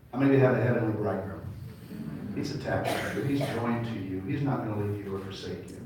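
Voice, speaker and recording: A man's voice: on the low side, a little mellow, slight background noise. Male rabbi, sermon, call-and-response; roomy distant hall sound. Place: large congregation hall. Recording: echoey hall, mic far off.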